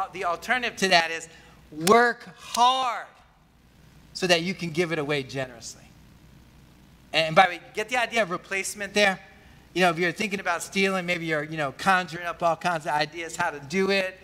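Pastor, man, higher voice, conversational sermon with frequent questions to the room; long hall echo. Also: pushed and bright. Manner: conversational, asks the congregation questions.

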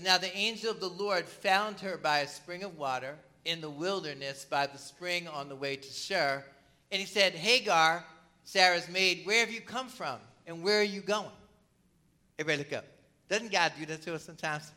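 Bright-voiced pastor clearing his throat. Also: sits high, normal speed. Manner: frequent coughs and throat clearing; reads scripture aloud then explains it. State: tickle in throat. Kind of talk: sermon.

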